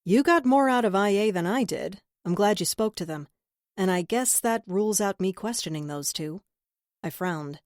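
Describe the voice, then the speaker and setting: A woman reading a crime novel aloud in first person, with measured, intimate storytelling. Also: medium pitch, lively intonation, darkish tone, no room sound, studio quality. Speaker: audiobook narrator. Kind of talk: first-person scripted narration.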